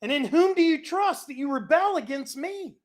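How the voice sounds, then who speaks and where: Bible teacher putting on a mocking Assyrian envoy, raised voice, high and loud, sneering. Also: expressive, moderate pace. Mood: taunting. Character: boastful Assyrian envoy taunting a king.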